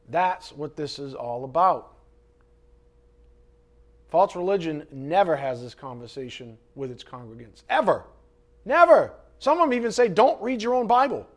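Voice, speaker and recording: A man preaching a sermon, dramatic, swinging from loud emphasis to hushed asides. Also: a little high. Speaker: pastor.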